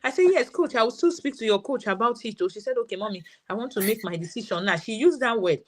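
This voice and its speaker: A woman's voice: on the high side, lively intonation, fast. A woman in her thirties with a Nigerian English accent, telling a story as a parent guest in a live session and quoting her daughter's words.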